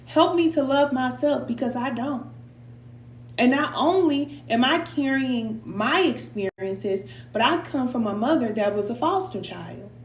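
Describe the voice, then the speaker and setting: Middle-aged woman, spiritual coach, earnest and preachy with casual slang, slightly high voice, roomy echo. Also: lively intonation, measured pace, a little hiss or hum. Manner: heartfelt, preacherly, slips into casual Black American slang; sometimes emotional and sighing. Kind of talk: live tarot reading and motivational talk.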